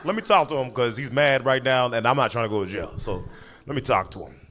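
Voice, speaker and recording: A young adult man telling a story in stand-up style, animated and often laughing at his own jokes. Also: medium pitch, fast. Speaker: stand-up comedian.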